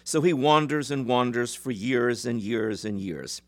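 A man of middle pitch, giving a lecture and retelling a fairy tale step by step. His delivery is measured, with a few fillers and restarts along the way. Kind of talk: storytelling lecture.

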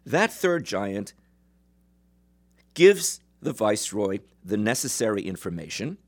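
A man lecturing as he retells a traditional folk tale in a measured way, with some fillers. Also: on the low side. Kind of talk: storytelling lecture.

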